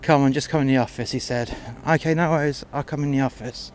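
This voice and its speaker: A man's voice: mid-range voice, steady tone, quick pace, soft background music. A man telling a first-person story in a crude, confrontational way, acting out both sides of a row.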